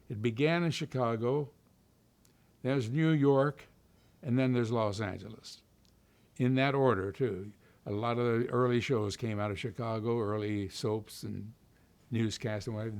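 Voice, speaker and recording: An older man from Kentucky recalls his early career in an unhurried, rambling way, full of "uh"s and restarts. His voice sits at an ordinary middle pitch for a man. He sounds like a seasoned storyteller in a sit-down interview. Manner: relaxed storytelling with many fillers and restarts. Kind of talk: oral history interview.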